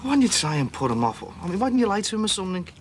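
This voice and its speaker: Blunt friend, played by a man: lively pitch, pressing tone, noisy recording. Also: brisk, lightly acted. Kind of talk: soap opera acting.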